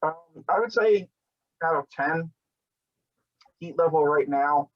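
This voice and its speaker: A chatty man hosts a spicy food challenge, his voice sitting a little high. He jokes his way through and sometimes talks with his mouth full. The audio is dull and lo-fi. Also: slow pace. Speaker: show host. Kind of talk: casual on-camera chat during a spicy food challenge.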